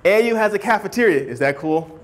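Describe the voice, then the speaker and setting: Man, writing teacher, high voice, animated lecture, checks if students follow. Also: fast. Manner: animated, keeps checking understanding with questions; acts out hedging speakers in a higher voice. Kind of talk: classroom lecture.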